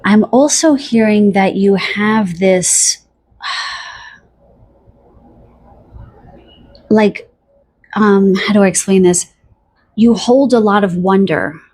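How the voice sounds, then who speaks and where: A woman with a mid-range voice offers a pick-a-card tarot reading, speaking softly and dreamily straight to the listener. Her delivery is full of fillers, pauses and restarts.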